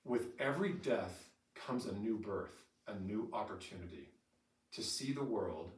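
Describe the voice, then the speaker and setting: A middle-aged man leading a staff training session, telling lively stories and acting out quotes. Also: lowish voice, unhurried. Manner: animated storyteller who acts out quotes with laughter. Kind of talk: in-service training talk. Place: training room with an audience. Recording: roomy echo from far off, faint noise.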